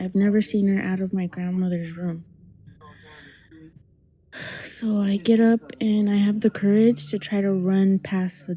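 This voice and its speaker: A young adult woman calling in to tell a scary childhood memory in a hushed, dramatic way that often drops to a whisper. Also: medium pitch, rough recording. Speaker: caller. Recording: call-in audio.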